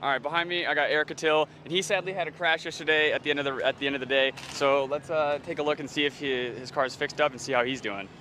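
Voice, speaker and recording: A man's voice: on the high side, steady tone, fast talker, hardly any pauses, background noise. A man touring race pit garages and interviewing drivers, friendly and casual. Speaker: pit reporter. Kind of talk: casual live event segment.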